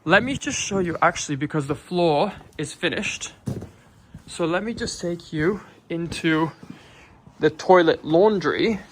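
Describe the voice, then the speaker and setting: A man chatting excitedly to his camera outdoors on his rural property, full of exclamations. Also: a little high, a little slow, slight background noise. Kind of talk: casual vlog chat to camera. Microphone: handheld camera.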